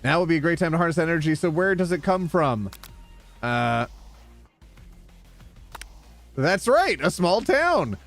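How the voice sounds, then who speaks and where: A man's voice: a little high, very animated, fairly quick, fairly bright tone, faint music behind. A man from Canada playing a game on stream, reading its text aloud in a playful, joking way. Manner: playful, joking, laughs often. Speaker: gaming streamer.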